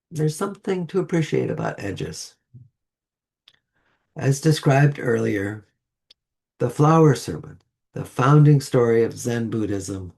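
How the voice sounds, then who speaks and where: Slow, measured man giving a sermon. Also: mid-range voice, creaky, a little mellow, husky. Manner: slow, measured delivery with deliberate pauses. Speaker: lay speaker. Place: church sanctuary.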